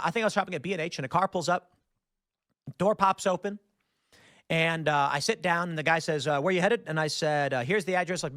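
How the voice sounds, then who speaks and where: A man hosting a podcast, telling a personal anecdote in a casual, animated way with frequent fillers. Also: high-pitched, dry recording, studio quality. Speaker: podcast host. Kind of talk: casual storytelling.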